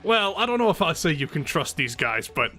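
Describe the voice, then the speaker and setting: A man's voice: fairly high pitch, very animated, fairly quick, pushed and bright, faint music behind. A man voicing a frank woman ally who talks bluntly and casually. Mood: urgent.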